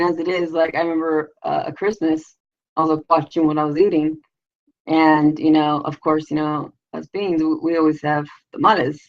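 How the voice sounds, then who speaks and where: A middle-aged woman hosts a live stream in a deep, creaky voice with a darkish tone. She rambles in slang, with lots of fillers and casual swearing, over dull lo-fi audio.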